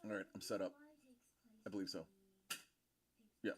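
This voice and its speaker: A man's voice: low-pitched, level tone, moderate pace. A man hosting a casual livestream, telling a long rambling story with many fillers and restarts. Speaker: show host.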